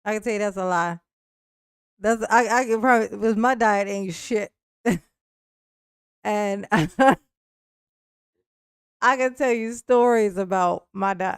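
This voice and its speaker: A woman's voice: mid-range voice, clear, resonant tone, no echo, studio quality. A woman hosting a livestream, telling a long story to her chat in a rambling, laughing way. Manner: rambling, laughing often, frequent restarts and "like". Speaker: livestream host. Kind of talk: casual storytelling to a live chat.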